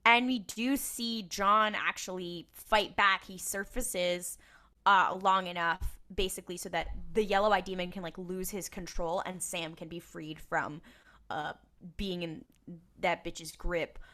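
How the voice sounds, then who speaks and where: A woman's voice: on the low side, steady tone, measured pace, pushed and bright. A woman co-hosting a podcast, recapping episodes in casual chat and acting out lines in silly voices, swearing freely and laughing often. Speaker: podcast co-host.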